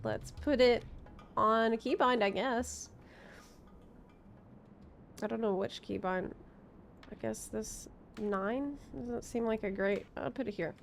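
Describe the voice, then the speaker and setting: A woman's voice: fairly high pitch, slow pace, creaky, long pauses, slight background noise. A young adult woman streaming a game, chatting casually and musing aloud, easily delighted. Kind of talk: casual gaming stream chat.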